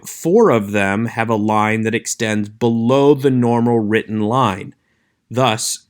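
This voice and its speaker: Measured male Hebrew lecturer. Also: fairly low pitch, a bit bright. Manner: clear, measured explanation with slowed demonstration of sounds. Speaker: Hebrew instructor. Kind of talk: recorded online lecture.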